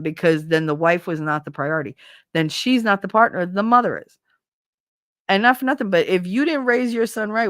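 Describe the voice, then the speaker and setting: A woman's voice: lowish voice, fairly bright tone, no echo, studio quality. A woman from New Jersey with a Jersey accent and a slight Southern twang, hosting a podcast as casual, opinionated chat, blunt and profane. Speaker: podcast host.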